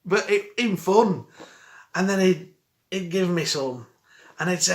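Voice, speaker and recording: A man's voice: sits high, a little slow, creaky, pauses often. Man telling a rambling story. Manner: rambling, chuckling, dialect speech. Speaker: vlogger. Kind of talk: casual storytelling. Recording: roomy echo.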